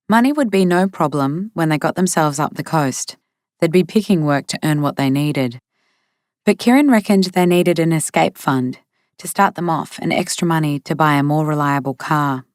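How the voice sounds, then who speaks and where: A woman reads an audiobook in a measured, steady manner. Her voice sits somewhat low. The studio sound is close and dry, with no room around it. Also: dry recording. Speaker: audiobook narrator. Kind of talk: scripted narration.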